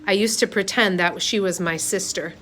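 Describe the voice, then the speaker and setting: A woman's voice: mid-range voice, normal speed, sharp tone, slight background noise, natural voice. A woman reading a story aloud, voicing a frightened young girl who speaks anxiously. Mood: sad. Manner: anxious, pleading.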